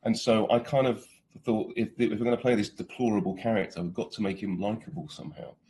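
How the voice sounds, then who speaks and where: A man's voice: lowish voice, fast, mellow, slight background noise. A British man in his forties, an actor chatting casually in an interview, laughing often and restarting his sentences.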